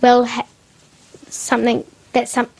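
A woman's voice: fairly high pitch, completely flat delivery, measured pace, vocal fry, a little mellow. A girl voicing a troubled teenage girl who narrates her story in an earnest read-aloud. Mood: reflective.

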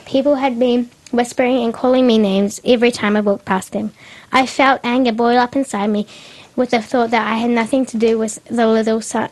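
A woman's voice: fairly high pitch, slight background noise, lightly acted. A girl voicing a troubled teenage girl who narrates her story in an earnest read-aloud.

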